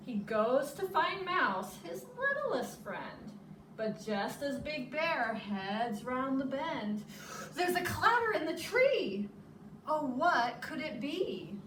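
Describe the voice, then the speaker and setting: A woman preschool teacher reading a children's story aloud in an animated, sing-song way. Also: fairly high pitch. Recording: echoey room, distant mic, noisy.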